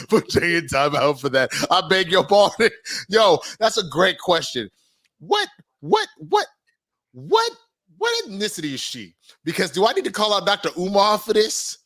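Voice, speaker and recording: Bright, high-voiced teasing man. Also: big pitch swings, normal speed, no room sound, clean studio sound. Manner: teasing, laughs often. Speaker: co-host. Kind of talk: casual chat.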